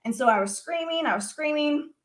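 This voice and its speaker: Animated woman telling a story. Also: high voice, fairly quick. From United States. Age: adult. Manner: animated storyteller, many filler words. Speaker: guest. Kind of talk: telling a personal story in conversation.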